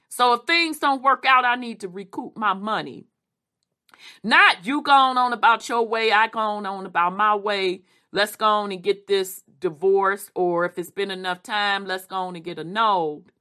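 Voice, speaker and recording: A woman reading history aloud and adding animated, casual commentary. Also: mid-range voice. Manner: animated, quick asides, Southern Black vernacular.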